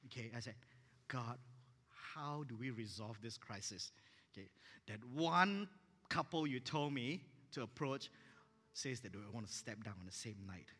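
Man pastor, animated sermon storyteller, bright voice, long reverb of a church hall. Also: medium pitch, normal speed. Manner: animated, acts out dialogue in his stories.

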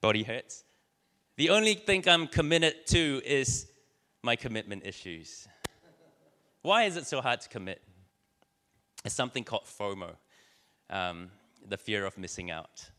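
Bright-voiced man preaching in a hall. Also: mid-range voice, sing-song, measured pace, long pauses, smooth. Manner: storytelling with many fillers and restarts. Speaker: church speaker. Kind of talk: sermon. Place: church hall.

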